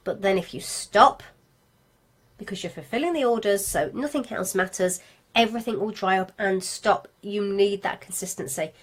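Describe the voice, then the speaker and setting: A woman from Birmingham with a clear Brummie accent leads a live video marketing class for craft sellers. She talks in a chatty, self-deprecating way and speaks straight to her viewers. Her pitch sits in an ordinary middle range. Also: normal speed. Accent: Birmingham English (Brummie). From England. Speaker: craft business marketing teacher. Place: home studio with lights, indoors.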